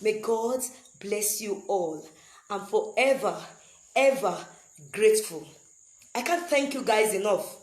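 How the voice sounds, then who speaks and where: Slow, earnest woman in an echoey room. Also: medium pitch, slight background noise. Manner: slow, earnest, repeats phrases for emphasis. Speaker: vlogger addressing fans. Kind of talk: emotional direct-to-camera address.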